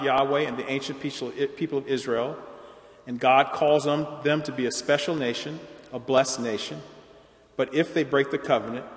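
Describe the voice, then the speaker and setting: A man giving an academic lecture in a measured, explanatory way, with occasional restarts. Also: mid-range voice. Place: large lecture hall. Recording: roomy hall reverb.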